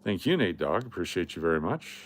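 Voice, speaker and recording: A man's voice: low-pitched, big pitch swings, a little fast. A middle-aged man from Las Vegas hosting a casual coin live stream, chatting and reading viewer comments aloud. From Las Vegas, Nevada. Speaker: livestream host running coin giveaways.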